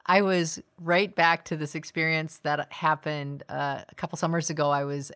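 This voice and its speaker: Low-voiced reflective woman co-host. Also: fairly even intonation, moderate pace, a bit bright. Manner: reflective, laughs often, restarts sentences. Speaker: podcast co-host. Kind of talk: casual conversation.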